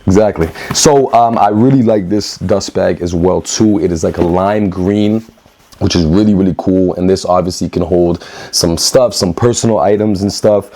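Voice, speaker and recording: A man's voice: sits low, moderate pace, warm tone. A man giving a casual sneaker unboxing review indoors, upbeat and chatty, often repeating words and calling his viewers guys. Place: indoor room with newly painted walls.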